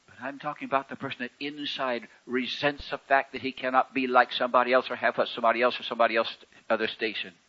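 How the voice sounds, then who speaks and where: A man preaching a sermon in a folksy, conversational way, with wry humor and sharp swings between loud and soft. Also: medium pitch, flat delivery, fast talker, few pauses, highs cut off.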